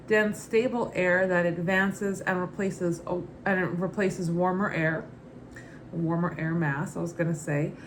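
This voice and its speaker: A woman's voice: mid-range voice, a little hiss or hum. A woman who is a private pilot, reading her study notes aloud in a casual, upbeat, matter-of-fact way.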